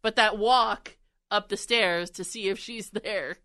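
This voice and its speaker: A woman's voice: medium pitch, slow pace, sharp tone, dry recording. A woman co-hosting a casual chat, telling stories and laughing often. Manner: storytelling with frequent laughs.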